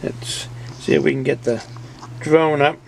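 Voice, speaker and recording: A man's voice: on the high side, fairly even intonation, unhurried, creaky, slight background noise. A middle-aged man with a Boston accent chatting casually through a beer review, rambling and folksy and often repeating himself.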